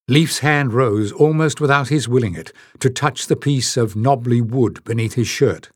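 A man reading a fantasy audiobook aloud in scripted narration, with even, measured storytelling. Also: medium pitch, breathy edge, dry recording, clean studio sound.

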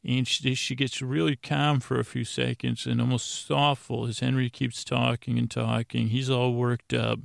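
A man's voice: mid-range voice, little pitch movement, normal speed, vocal fry, hardly any pauses, no room sound, studio quality. A man hosting a podcast, casually recapping a TV episode in a rambling way with many restarts.

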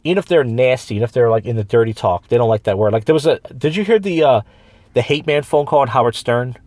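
Dude rambling fast on his podcast, lots of restarts and acting out other people, dry close mic. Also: medium pitch, darkish tone, no echo. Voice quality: rambling storyteller with many restarts and quoted voices. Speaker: podcast host, open mic comedian. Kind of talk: casual chat. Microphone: studio microphone.

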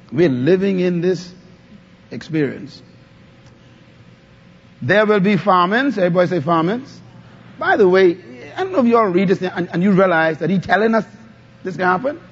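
Husky high-voiced male preacher. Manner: call-and-response preaching, asks the congregation to answer. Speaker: pastor. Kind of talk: sermon. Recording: dull lo-fi sound.

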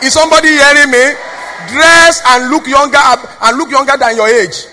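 A woman's voice: sits high, steady tone, normal speed, sharp tone, slight background noise. A woman with a Nigerian accent preaching a sermon in a church, exhorting the congregation with call-and-response questions. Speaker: preacher, pastor's wife. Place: church hall. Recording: long reverb of a church hall.

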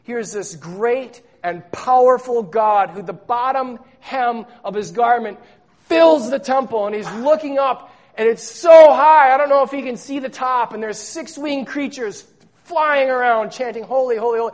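Emphatic pastor preaching with dramatic hushes. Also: male voice, unhurried. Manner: emphatic, swinging between loud stresses and hushed low lines; repeats words for emphasis. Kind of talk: sermon.

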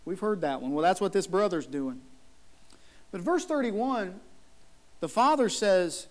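A man's voice: a little high, expressive, brisk. A man preaching a sermon as a pastor in a church, emphatic, acting out the people in his story. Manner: emphatic, acts out the whining brother.

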